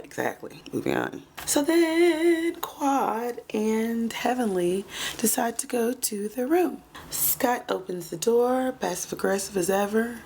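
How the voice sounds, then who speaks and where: A woman's voice: fairly high pitch, animated, a little slow, gravelly, a little mellow, a little hiss or hum. A woman recapping a reality show in a chatty, sassy way. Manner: chatty, sassy, says "child" and "moving on" often. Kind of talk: casual recap commentary.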